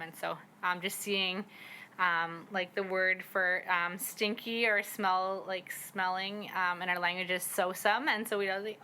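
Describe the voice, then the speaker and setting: A young woman from the Squamish Nation, a parent learning her language, chatting casually with lots of fillers and quick laughs as she acts out little quotes. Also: mid-range voice, little pitch movement, sharp tone, slight background noise, low-quality recording. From Squamish Nation, British Columbia, Canada. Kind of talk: casual conversation. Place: outdoor community garden.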